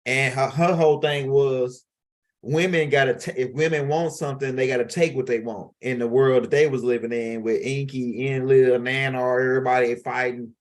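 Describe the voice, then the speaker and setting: A man's voice: mid-range voice, steady tone, moderate pace. A middle-aged man giving a loose, rambling lecture in casual street talk, full of restarts and asides. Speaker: teacher of an esoteric class.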